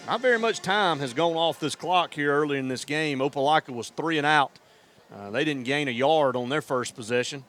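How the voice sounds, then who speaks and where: A man doing play-by-play for a high school football game, building to excited shouts on big plays. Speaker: play-by-play announcer.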